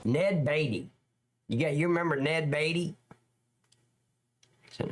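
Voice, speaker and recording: A man's voice: a little high, very animated, a little slow, a little hiss or hum. A middle-aged man hosting a live stream, reacting to police videos and joking with his chat in a rambling, teasing way.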